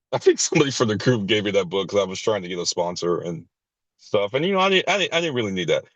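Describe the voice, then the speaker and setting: A man with a lowish voice tells his own story in a blunt, profane way, tripping over his words and restarting. When he acts out other people's lines, his pitch jumps sharply. The sound is close and dry, with no room around it. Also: big pitch swings, fast talker, a bit bright, no room sound, highs cut off. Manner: blunt and profane, with frequent restarts and short laughs. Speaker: recovery group member sharing his story. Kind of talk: candid personal storytelling.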